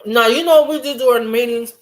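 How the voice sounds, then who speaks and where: A woman chatting casually to her camera at home late at night, blunt and quick to laugh, acting out her coworkers as she goes. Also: a little high. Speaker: vlogger. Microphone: camera mic.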